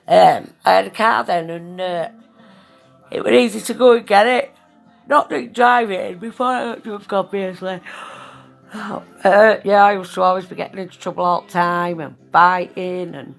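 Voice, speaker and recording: Gravelly blunt woman. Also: mid-range voice. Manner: blunt, chatty, swears freely, heavy local slang. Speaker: vlogger. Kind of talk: casual storytelling monologue. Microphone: phone.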